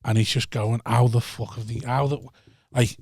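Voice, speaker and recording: A man's voice: medium pitch, fairly even intonation, normal speed, darkish tone, dry recording, clean studio sound. Laid-back Scouse man spinning yarns. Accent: Liverpool. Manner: laid-back storytelling, swears freely. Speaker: podcast guest. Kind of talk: casual chat.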